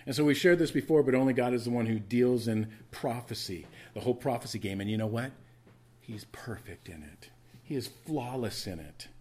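A man's voice: mid-range voice, moderate pace, dark tone, slightly rough. A man preaching a sermon, teaching with emphatic repetition and conversational asides to his congregation. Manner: emphatic teaching, repeats key words for stress, asks listeners to take notes. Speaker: pastor.

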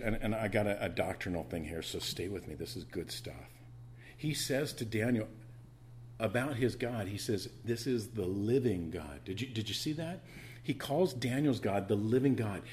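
Conversational male pastor, lowish voice. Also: slight background noise. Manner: conversational, personal asides, shifts from loud emphasis to quiet intimacy. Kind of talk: sermon.

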